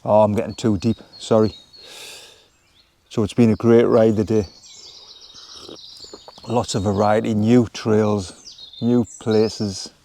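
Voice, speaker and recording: A man, chatting casually in a relaxed, rambling way as he vlogs from a woodland wild camp. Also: on the low side, slow pace, gravelly, long pauses, slight background noise. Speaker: vlogger. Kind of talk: casual outdoor vlog talk. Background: birds and woodland ambience.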